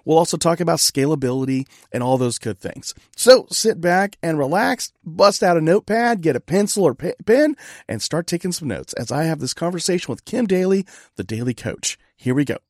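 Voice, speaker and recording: A man's voice: a little high, animated, brisk, no room sound, studio quality. Chatty, laughing man hosting a podcast. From California. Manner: chatty, laughing, self-deprecating. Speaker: podcast host. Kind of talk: casual interview chat.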